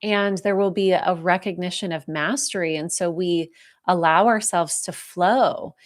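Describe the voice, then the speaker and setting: A woman giving a live spiritual talk, speaking softly and slowly with heartfelt pauses as she answers viewer questions, moved close to tears. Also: lowish voice. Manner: soft, heartfelt, slow and reflective with pauses.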